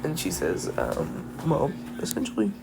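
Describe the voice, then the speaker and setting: A man's voice: fairly high pitch, huge pitch swings, unhurried, gravelly, loud music behind the voice. A young man casually retelling a fan-fiction story, rambling, filling with "like" and correcting himself. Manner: rambling, full of "like", self-correcting.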